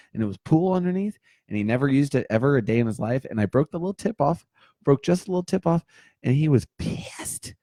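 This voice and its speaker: On a casual livestream, a man in his thirties greets viewers, jokes around, and rambles loosely from one story to the next. His mid-pitched voice has a mellow, darker tone, recorded dry and close with no room echo.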